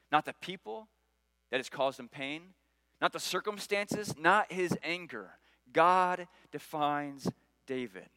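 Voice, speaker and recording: Earnest man preaching, bright voice. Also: on the high side, dry recording, rough recording. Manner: earnest, repeats key phrases, rises for quoted prayers. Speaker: pastor. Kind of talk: sermon.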